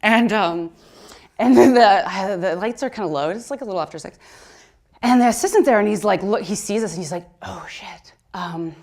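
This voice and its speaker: A woman in her thirties telling a comic story on stage, excitable and chatty, filling her talk with "like" and laughing through her words. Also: mid-range voice, fairly quick. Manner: excitable and chatty, heavy use of "like". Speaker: speaker at a conference talk.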